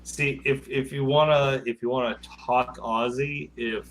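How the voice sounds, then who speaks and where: A man with a Midwestern accent chatting casually and joking in a deadpan way. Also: medium pitch, measured pace, a little hiss or hum, poor audio. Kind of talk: casual group chat.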